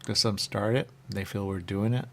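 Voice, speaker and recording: A man hosting a radio talk show in rambling casual chat, often jumping into quick high voices to act out what people say. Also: fairly even intonation, a little hiss or hum. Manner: rambling, acts out quick high-pitched quoted voices, repeats "there you go".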